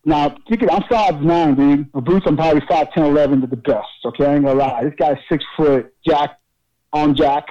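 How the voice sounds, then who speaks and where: A man's voice: on the high side, fairly quick, dark tone, dull audio. A man who wrestles professionally, telling a story from the ring in a casual, swearing, laughing way. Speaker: pro wrestler guest.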